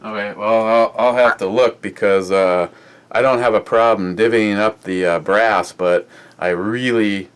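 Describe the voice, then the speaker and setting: A man's voice: on the low side, steady tone, unhurried, smooth. A man hosting a casual beer review chat, rambling and swearing, full of uh fillers. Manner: rambling, profane, many uh fillers. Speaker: beer review podcast host.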